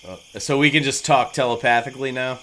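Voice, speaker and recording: A man's voice: medium pitch, steady tone, fast, pushed and bright, slight background noise, rough recording. A man playing a tabletop game, rambling and joking with lots of fillers. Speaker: player. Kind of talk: casual tabletop game play.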